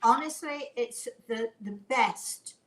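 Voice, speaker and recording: A woman's voice: a little high, slow pace, fairly bright tone. A woman hosting a casual home cooking demonstration, chatting as she measures by eye. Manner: chatty, eyeballing amounts aloud. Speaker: cooking show host. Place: home kitchen. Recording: echoey kitchen with clattering dishes.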